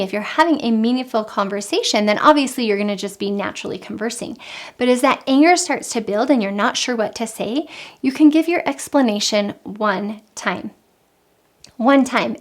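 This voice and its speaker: A woman giving calm, earnest parenting advice in an instructional talk, repeating her key points. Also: a little high. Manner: calm, earnest, with frequent repetition. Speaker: parenting coach.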